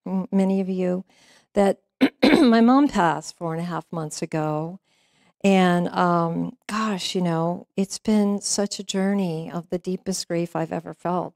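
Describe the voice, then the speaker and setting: A woman's voice: medium pitch, no echo, clean studio sound. Woman minister telling a story from the pulpit. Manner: warm conversational storytelling with frequent fillers and laughs. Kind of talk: sermon with storytelling. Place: church sanctuary.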